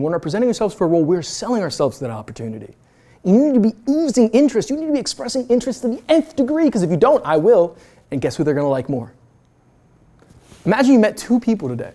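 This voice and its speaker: Students in a university event room hear a fast-talking guest speaker in his twenties whose pitch swings all over the place. Energetic and brash, he coaches them through a lively motivational talk, swearing freely.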